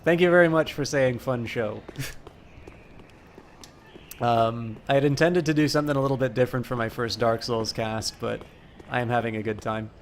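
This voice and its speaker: Male game streamer, gravelly mid-range voice, chatty with sudden loud outbursts, faint background hiss. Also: mid-range voice, normal speed, pauses often. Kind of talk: live gameplay commentary.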